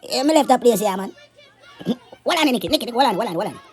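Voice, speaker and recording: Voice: mid-range voice, expressive, fast, lightly acted. A performer with a Jamaican accent playing a brash, swearing, weed-smoking street guy in a comedy skit. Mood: gossipy. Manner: loud, swearing, boastful patois. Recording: noisy background.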